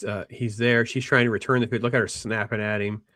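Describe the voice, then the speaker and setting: A man hosting a casual film discussion, rambling with restarts and animated quoting of characters. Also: lowish voice, a little fast, no room sound, clean studio sound. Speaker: podcast host.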